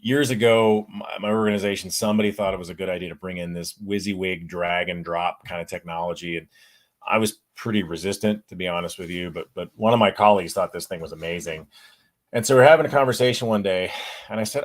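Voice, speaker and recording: A man's voice: low-pitched, quick pace. A man answering audience questions at a conference, candid and self-deprecating, telling personal stories with frequent restarts.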